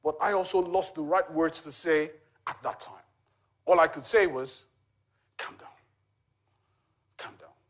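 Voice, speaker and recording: A man's voice: a little high, moderate pace. A man in his forties giving a conversational church testimony, telling a story with frequent fillers like "you know". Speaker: charity volunteer giving a testimony.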